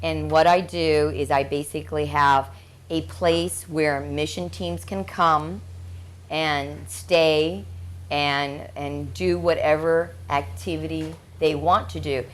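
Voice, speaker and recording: A woman with a low voice explains her hotel ministry at an unhurried pace. She answers in a plain, matter-of-fact way. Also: fairly even intonation. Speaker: hotel owner and ministry leader. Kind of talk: interview answers.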